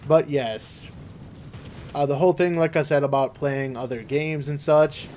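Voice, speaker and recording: A young man streaming a game live, chatting casually in a flat monotone with lots of fillers and restarts. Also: a little slow, slight background noise. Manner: flat monotone, low-energy delivery; rambling with many fillers and restarts. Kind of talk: casual live-stream chat while gaming.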